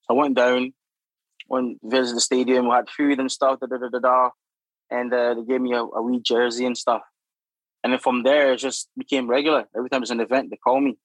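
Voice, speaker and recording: A young man, a guest telling animated, laughing stories full of acted-out quotes. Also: medium pitch, brisk, dry recording, rough recording. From Democratic Republic of Congo. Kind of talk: casual storytelling.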